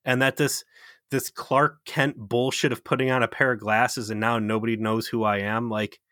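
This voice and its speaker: A man's voice: mid-range voice, little pitch movement, moderate pace, a bit bright, no room sound, clean studio sound. A man co-hosting a casual critique chat, ranting with profanity and sarcasm. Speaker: podcast co-host.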